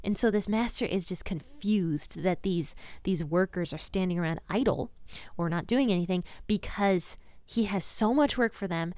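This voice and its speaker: A woman gives a relaxed devotional Bible talk, retelling the passage in plain conversational words and speaking openly about her own life. Her voice is smooth and clear, and the recording is dry and close. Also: lowish voice, normal speed, no echo. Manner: candid and personal. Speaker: Bible teacher.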